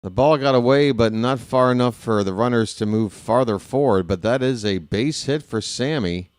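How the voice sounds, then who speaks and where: A man's voice: on the low side, moderate pace, no room sound. A man calling a baseball game live as a fan play-by-play host, rooting openly for his team in a chatty way. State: hiccups.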